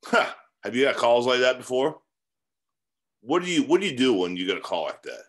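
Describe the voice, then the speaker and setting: Animated, rambling man coaching. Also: mid-range voice, brisk. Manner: rambling, many fillers and rhetorical questions. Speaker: real estate mentor. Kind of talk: casual motivational teaching.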